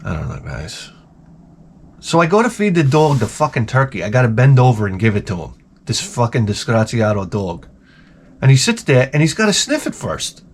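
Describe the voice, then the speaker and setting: A man hosting his channel, telling comedic stories in an animated, profane, exaggerated way. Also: medium pitch, a little fast, slight background noise. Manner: animated, profane, exaggerated, jumps into quoted voices. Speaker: channel host. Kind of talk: casual comedic storytelling rant.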